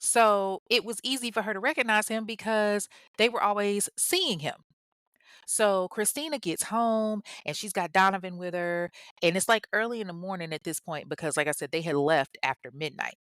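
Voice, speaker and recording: Hosting a true crime show, a woman retells a case conversationally, full of asides. Her mid-range voice is a bit bright at normal speed, captured in clean studio sound with no echo.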